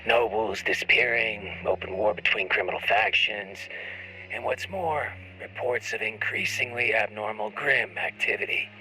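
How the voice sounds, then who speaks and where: A man's voice: fairly low pitch, normal speed, pushed and bright, voice pushed down, poor audio. A man voicing a grizzled male huntsman who gives a wry, drawling mission briefing heard through a ship's speakers. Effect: played through ship speakers.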